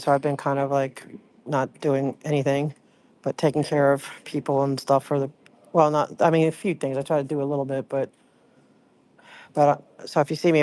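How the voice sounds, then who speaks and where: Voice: medium pitch, a little mellow. Rambling casual livestream host. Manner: rambling, greets viewers by name mid-sentence.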